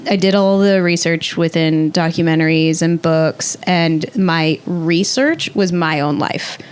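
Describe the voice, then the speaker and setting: A young adult woman talking casually as a podcast guest, thoughtful and sometimes pausing to search for the right word. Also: deep voice, fairly even intonation, clear, resonant tone. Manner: thoughtful, searches for words mid-sentence.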